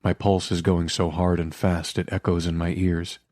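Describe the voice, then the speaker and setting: A man with a very low, deep voice narrates a first-person romance audiobook. He reads in a quiet, intimate, measured way. The sound is dry and close, with no room around it. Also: monotone, no room sound.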